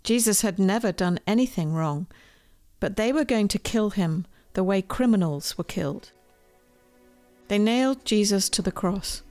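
Female author reading her storybook aloud, gentle, expressive, mid pitch, soft music bed. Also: moderate pace, no room sound. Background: faint music.

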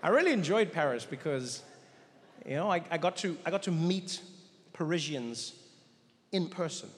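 A man doing stand-up comedy on a theater stage, telling a story with animated delivery and acting out characters. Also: on the high side, normal speed, slight background noise. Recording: live hall reverb, faint ambience.

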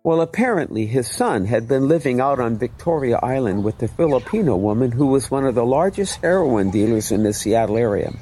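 A man's voice: medium pitch, animated, brisk, hardly any pauses, mellow, soft background music. A man preaching his testimony as a vivid storyteller who acts out the dialogue. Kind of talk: animated testimony sermon.

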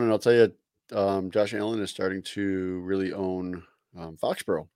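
A man's voice: deep voice, level tone, normal speed, darkish tone, clean tone, dry recording, clean studio sound. A man co-hosting a casual sports podcast, laid-back, using fillers as he reels off stats and rumors. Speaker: podcast co-host.

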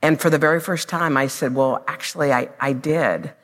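A woman's voice: sits low, moderate pace, in a large hall. A woman TV host telling a personal story on stage, emphatic and heartfelt. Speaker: TV host interviewing. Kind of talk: conversational interview on stage. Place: stage before a live audience.

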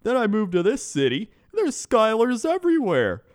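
Man doing a boastful middle-aged driver with a put-on Canadian twang, high and pushy. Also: huge pitch swings, normal speed, no echo, studio quality. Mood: ranting. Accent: put-on Canadian-tinged. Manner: boastful, ranting, incredulous. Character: brash middle-aged male rideshare driver, grudge-holding.

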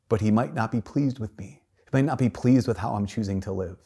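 A man's voice: lowish voice, fairly quick, warm tone, breathy edge. A man, a priest, giving a homily in an earnest storytelling manner, with shifting emphasis.

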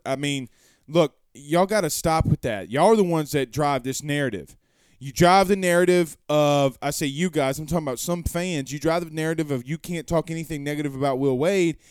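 Chatty man with a smooth voice. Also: fairly high pitch, no room sound, clean studio sound. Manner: rambling, conversational, rhetorical questions. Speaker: sports talk show host. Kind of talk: casual live-show chat reading viewer comments.

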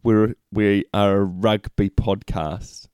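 Low-voiced man, teasing podcast co-host. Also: fairly even intonation, slow pace, darkish tone, smooth, no echo, studio quality. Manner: teasing, jokey, reads listener questions. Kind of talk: casual chat.

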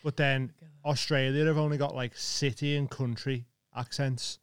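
A man's voice: medium pitch, fairly even intonation, normal speed, clear, resonant tone, dry recording, clean studio sound. A man from Liverpool with a Scouse accent, a podcast co-host who tells stories with emphasis in casual chat.

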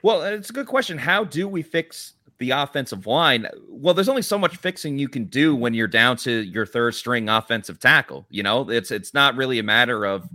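A man co-hosts a live football chat stream, picking apart the team's line play in an analytical, excitable way. His voice is bright and swings all over in pitch, and the sound is dry and close. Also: moderate pace, hardly any pauses, dry recording.

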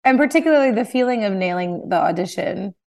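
A woman who is a guest on a podcast thinks aloud in casual conversation. Her voice sits at an ordinary middle pitch and she sounds thoughtful. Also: lively intonation, quick pace, creaky, darkish tone. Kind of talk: casual chat.

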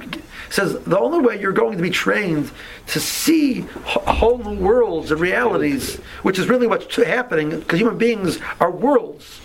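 Male teacher, slightly high and gravelly voice, halting conversational delivery, faint noise behind. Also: poor audio. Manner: conversational, halting, many restarts and asides. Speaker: rabbi teaching a class. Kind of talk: informal Torah class.

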